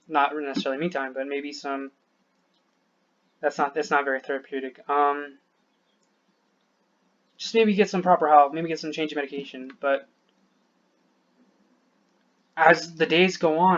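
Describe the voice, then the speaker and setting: A man's voice: fairly high pitch, normal speed, pauses often, a bit bright, highs cut off. Breathless man venting, swearing a lot. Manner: frustrated, rambling, swears a lot, trails off. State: short of breath. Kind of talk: venting to camera.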